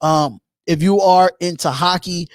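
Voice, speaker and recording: A man from Philadelphia hosting a live call-in show, reading out chat questions and answering in an animated, repetitive way. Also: high voice, a little slow, no echo, clean studio sound. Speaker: host.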